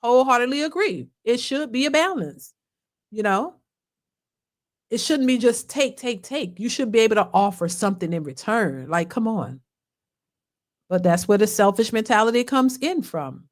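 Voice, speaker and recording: Animated woman host telling a story. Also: on the high side, normal speed. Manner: animated, laughing, colloquial, swings from loud to hushed. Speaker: live stream host reading chat. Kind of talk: casual storytelling and chat reactions.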